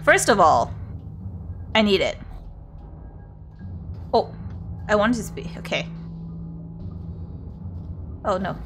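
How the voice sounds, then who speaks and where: A woman's voice: mid-range voice, sing-song, takes it slowly, long pauses, fairly bright tone, soft background music. A woman streaming a video game, chatting to herself and her viewers and swearing often as she plays. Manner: chatty, swears a lot, talks to herself and chat. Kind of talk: casual gameplay commentary.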